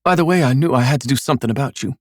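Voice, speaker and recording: A man's voice: medium pitch, racing, dry recording, clean studio sound, pitched above the performer's own voice, lightly acted. A man reading an audiobook, voicing a cold, bitter, scheming middle-aged mother who talks sullenly and sarcastically. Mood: resentful. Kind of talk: audiobook character voice.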